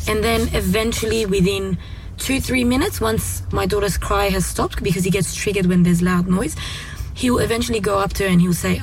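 A woman speaking calmly and gently as a parent guest, talking through how she handles her children. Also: medium pitch, moderate pace, far from the mic, slight background noise, rough recording. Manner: calm, gentle, reflective. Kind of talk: casual discussion.

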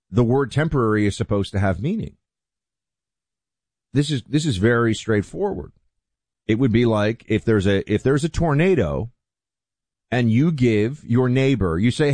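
A man hosting political talk radio who speaks forcefully and sarcastically and acts out little stories. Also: fairly low pitch, no echo. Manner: forceful, sarcastic, animated storyteller. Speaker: radio host.

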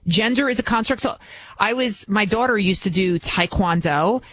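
A woman's voice: mid-range voice, normal speed, a bit bright, a little hiss or hum. A middle-aged woman from the New York area, filling in as a talk radio host and delivering a blunt, emphatic, mocking opinion monologue.

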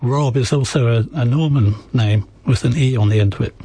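A man from England, an author guest on a radio show, describing things in a measured, storytelling way. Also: mid-range voice, warm tone, slightly rough, dry recording. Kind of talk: conversational radio interview.

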